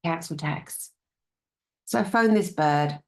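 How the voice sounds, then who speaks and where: A woman's voice: sits low, slow. A woman from Britain with a British accent, giving a conference talk. She is blunt, sarcastic and swears freely, and she mocks officials in put-on voices. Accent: British English. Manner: animated, sarcastic, mimics officials in mocking voices. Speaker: conference speaker.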